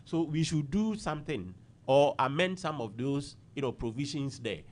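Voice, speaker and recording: Insistent man with a lively voice. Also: a little high, moderate pace. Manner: insistent, repeats words, lively emphasis. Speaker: government-side radio guest. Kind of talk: defensive political talk.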